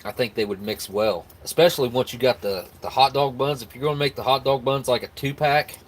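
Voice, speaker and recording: A little hiss or hum sits under this man's mid-range, fairly quick voice with fairly even intonation. An American from the United States, he hosts a live stream, answering viewer comments in a loose, easygoing ramble full of restarts and laughs.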